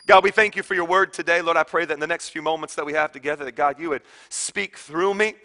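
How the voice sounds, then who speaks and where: A man's voice: fairly high pitch, fairly even intonation, fast, few pauses, pushed and bright, big-room sound. A man preaching a sermon to a congregation, telling stories with animation and reading scripture with strong emphasis. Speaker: pastor.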